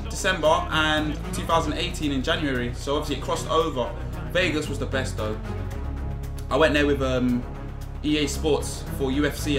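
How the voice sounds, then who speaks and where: A young man giving excitable football-game commentary, repeating phrases and shouting at goals. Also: a little high. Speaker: gaming YouTuber. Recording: echoey room with game music.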